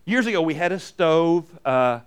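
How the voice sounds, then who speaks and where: A pastor preaching a conversational sermon, emphatic, often checking in with the congregation and reading scripture aloud slowly and expressively. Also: male voice, a little high, lively intonation, smooth. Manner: emphatic, frequently asks "right?" to the congregation.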